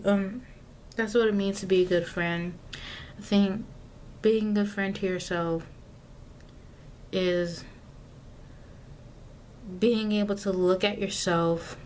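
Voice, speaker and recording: Slow, rambling young woman vlogging. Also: on the low side, darkish tone, a little hiss or hum. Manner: rambling, self-correcting, lots of fillers and asides. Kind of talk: casual self-filmed vlog talk. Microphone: camera mic, self-filmed.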